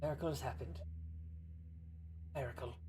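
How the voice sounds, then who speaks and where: A man plays his character in a tabletop game, swearing freely and joking. His voice is mid-pitched, with faint noise behind. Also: unhurried. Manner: profane and playful. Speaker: player. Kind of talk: tabletop role-play in character.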